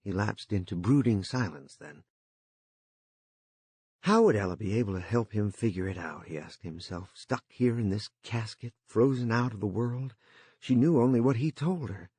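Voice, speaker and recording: Male narrator, low and husky, dry close sound. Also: animated, normal speed, mellow, no echo. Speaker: audiobook narrator. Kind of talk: scripted narration.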